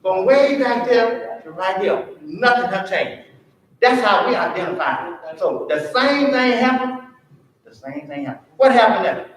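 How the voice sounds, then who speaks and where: Man, high voice, teaching a church Bible class; echoey room, distant mic. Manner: call-and-response questioning. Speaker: Sunday school teacher.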